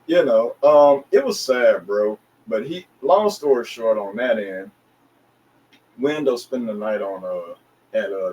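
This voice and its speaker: A man's voice: lowish voice, darkish tone, recorded from a distance, rough recording. A man from the Atlanta area tells a rambling story in a laid-back interview, full of slang, and he jumps into other people's voices as he goes. He sits a little back from the mic. A faint hum of noise lies behind him. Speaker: interview guest, DJ and recording artist. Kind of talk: casual storytelling in a podcast interview.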